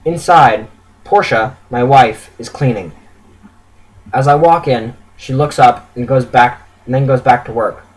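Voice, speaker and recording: Brief: husky male reader, earnest story reading, occasional stumbles, mid-range voice. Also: medium pitch, unhurried, low-quality recording. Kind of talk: reading his own written story aloud.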